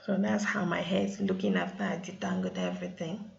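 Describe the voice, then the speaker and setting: A woman's voice: fairly low pitch, very animated, brisk, creaky, a little mellow, muffled recording. A woman with talking casually over her hair-care vlog, often addressing viewers as "guys". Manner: chatty, keeps saying "guys". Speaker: hair vlogger.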